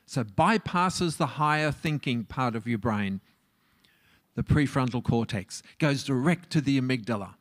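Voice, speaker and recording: A man's voice: mid-range voice, animated, unhurried. A middle-aged man talks to an audience as a marriage counsellor. His delivery is conversational and easygoing, and he often turns to them with questions. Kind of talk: relaxed talk to a live audience.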